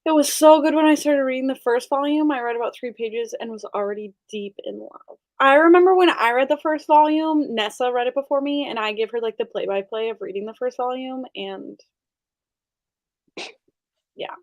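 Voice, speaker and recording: A bubbly woman chats casually as she hosts a group reading call, laughing often between remarks. Her voice sits a little high. The sound is dry and close, with no room echo. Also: normal speed. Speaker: host of an online group reading session. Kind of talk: casual chat.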